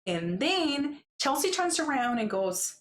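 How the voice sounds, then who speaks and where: A woman's voice: sits high, slow pace. Chatty woman recapping gossip, roomy echo. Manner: chatty, acts out quotes in lively voices. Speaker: recap vlogger.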